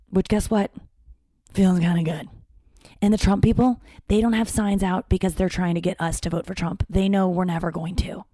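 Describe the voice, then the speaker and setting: A woman's voice: lowish voice, warm tone, no room sound, clean studio sound. A woman hosting a podcast, talking in a casual, rambling, self-deprecating way and swearing now and then. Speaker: podcast host. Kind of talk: casual solo monologue.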